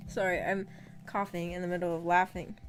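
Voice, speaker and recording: A woman's voice: lowish voice, a bit bright. A woman streaming a casual book discussion, chatty and often giggling as she reads chat aloud.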